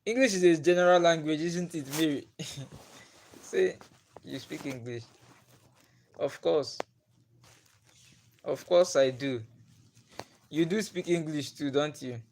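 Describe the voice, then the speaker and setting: Slow-talking Nigerian man hosting a live stream. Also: on the high side, a little mellow, a little hiss or hum. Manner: chatty, laughs often, greets viewers by name. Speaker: livestream host. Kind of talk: casual live-stream chat with viewers.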